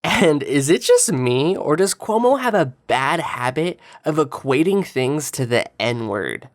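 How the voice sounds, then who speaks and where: A low-pitched woman with a swooping, animated delivery, tossing out sarcastic jabs as she comments over clips. Her tone stays mocking and taunting throughout. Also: a little slow. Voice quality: sarcastic, taunting, lively inflection. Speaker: political commentator.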